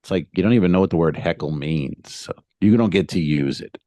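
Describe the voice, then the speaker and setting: A man with a fairly low voice, recorded close and dry with no room around him. He chats casually as a stand-up comedian and podcast co-host. He tells his stories with animation, acting out the people in them. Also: fairly quick, no echo. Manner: animated storytelling, acts out hecklers and himself on stage. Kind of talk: casual chat.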